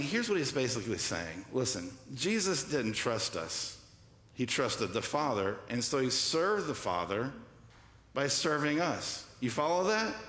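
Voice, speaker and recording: Man preaching in an echoey church hall. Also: fairly bright tone. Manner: call-and-response preaching, asks congregation "what?"; acts out quoted voices with shifts in pitch and pace. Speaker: pastor. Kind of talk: sermon. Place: church sanctuary.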